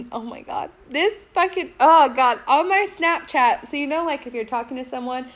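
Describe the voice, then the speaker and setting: A woman's voice: sits high, normal speed. A woman co-hosting a podcast, telling a story in casual chat, laughing often and swearing freely. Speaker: podcast co-host.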